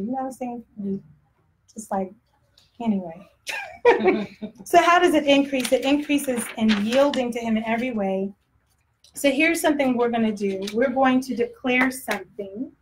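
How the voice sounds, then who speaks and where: A woman's voice: sits high, poor audio. A woman preaching a sermon in a conversational way, often acting out voices and laughing.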